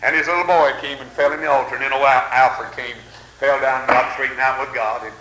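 A man's voice: medium pitch, fairly even intonation, fast talker, pushed and bright, reverberant, low-quality recording. An older man preaching a revival sermon in a church, telling folksy stories and breaking in with fervent amens.

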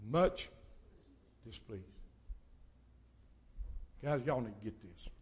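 An older man preaching a sermon as pastor, swinging between loud exhortation and quiet asides. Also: on the high side, breathy edge.

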